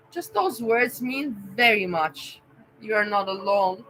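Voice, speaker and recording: A woman's voice: mid-range voice, lively intonation, slow, a bit bright, faint music behind, rough recording. A young woman chatting casually on a livestream, emotional and rambling as she talks to her viewers by name. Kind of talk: casual live-stream chat.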